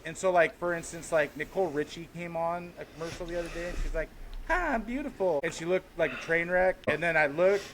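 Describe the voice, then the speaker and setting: A man's voice: a little high, flat delivery, quick pace, few pauses, a bit bright, a little hiss or hum. Rambling profane man in his forties. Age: 40s. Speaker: podcast co-host. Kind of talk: casual chat.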